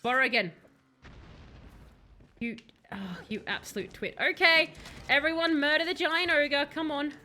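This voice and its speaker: A young woman streaming a game, chatting casually and excitedly, joking and calling out to her companions. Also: high-pitched, unhurried, long pauses. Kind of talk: casual live gameplay commentary.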